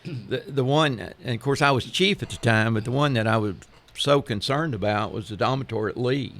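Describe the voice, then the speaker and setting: An older man, a former fire chief, reminiscing in casual radio chat, unhurried and quick to agree with the others. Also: mid-range voice, a bit bright.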